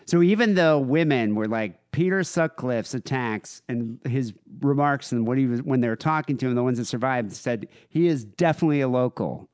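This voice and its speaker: A man's voice: medium pitch, normal speed, few pauses, darkish tone, no echo, studio quality. A man co-hosting a podcast, telling a true-crime story conversationally with many fillers. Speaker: podcast co-host.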